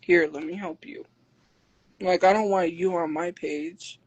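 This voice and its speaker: Loud, defensive woman livestreamer. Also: on the low side, fairly even intonation, measured pace, low-quality recording. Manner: talks loud by habit; defensive, argumentative. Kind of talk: live stream chat replies.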